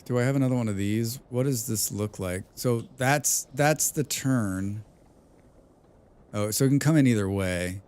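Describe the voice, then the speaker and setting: A man's voice: medium pitch, unhurried, darkish tone, smooth. A man streaming a game, thinking aloud and chatting casually with viewers, swearing freely. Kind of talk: casual gameplay livestream chat.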